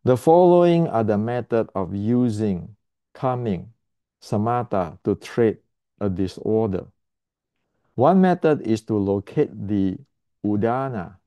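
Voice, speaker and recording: Blunt, low-voiced man teaching. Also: mellow, no echo. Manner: blunt, repetitive, emphatic; clears throat often. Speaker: martial arts teacher. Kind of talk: explanatory lesson to camera.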